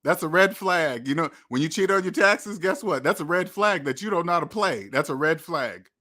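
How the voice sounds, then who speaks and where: On a money channel, a man delivers a motivational monologue, preachily and repetitively lecturing viewers he calls debt slaves while acting out imagined quotes. His voice is on the high side, animated and sharp, at a normal speed.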